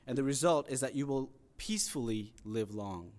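Guy preaching, earnest and chatty, middle pitched voice, pushes harder on the big points. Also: animated, moderate pace, a little mellow. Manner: earnest, conversational teaching with rising emphasis on pleas. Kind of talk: sermon.

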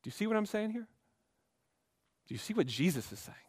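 Guy preaching a sermon, pretty high voice, goes from quiet asides to loud pushing. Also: sing-song, brisk, slightly rough. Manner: emphatic, swings between quiet asides and raised exhortation. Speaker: pastor.

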